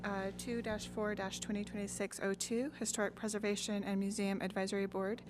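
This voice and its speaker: A woman's voice: medium pitch, little pitch movement, brisk, noisy background. A woman, the library director, presenting an ordinance carefully at a meeting, with fillers.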